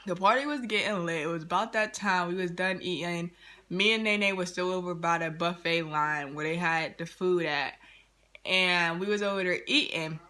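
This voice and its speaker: A young woman spins a casual storytime with lots of laughter and slang. Her voice is bright and ringing, and she keeps the telling lively and animated. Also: fairly low pitch. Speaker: vlogger.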